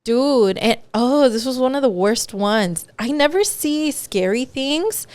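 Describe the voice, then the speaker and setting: A woman co-hosting a podcast, chatting casually and telling stories in an animated, profane way. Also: sits high, measured pace, no room sound. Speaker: podcast co-host. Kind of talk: casual chat.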